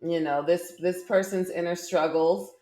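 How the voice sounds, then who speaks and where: A woman's voice: fairly low pitch, steady tone, measured pace, dark tone. Chatty woman reading tarot cards. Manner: chatty, emphatic, laughs easily. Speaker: tarot reader. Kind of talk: casual tarot reading to camera.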